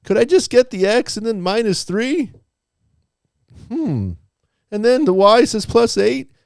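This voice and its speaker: Eager young student with a high, pleading voice, put on by a man, hesitant and full of fillers. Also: big pitch swings, unhurried, gravelly, dry recording, studio quality, exaggerated voice.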